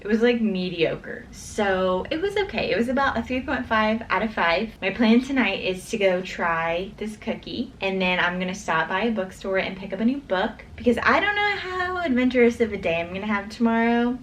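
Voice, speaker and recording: A woman's voice: medium pitch, moderate pace, hardly any pauses, a little hiss or hum. Chatty young woman vlogging. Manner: chatty, excitable, says "like" and "literally" often. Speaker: flight attendant vlogger. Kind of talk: casual vlog chat.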